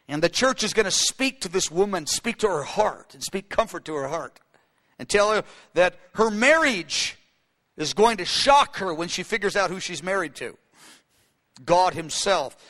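Preacher guy, highish bright voice, lots of uhs, booming hall echo. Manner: anecdotal, many fillers and restarts. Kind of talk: sermon. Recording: long hall reverb.

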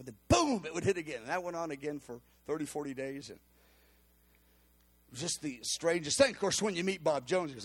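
A man telling a personal testimony in an animated storytelling manner, acting out the quotes with cries and laughs. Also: fairly high pitch, moderate pace, breathy edge.

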